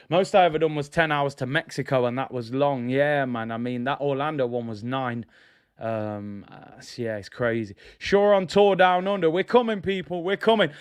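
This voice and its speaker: A man's voice: medium pitch, smooth, dry recording, studio quality. A man hosting a football fan live stream, chatting casually and upbeat as he reads out viewer messages.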